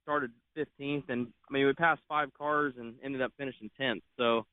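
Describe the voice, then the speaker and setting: A man's voice: mid-range voice, steady tone, normal speed, clean tone, no room sound. A man who drives race cars, chatting in an easygoing way as a guest over the phone, with lots of fillers. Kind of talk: casual interview on phone. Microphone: phone line. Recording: tinny phone line.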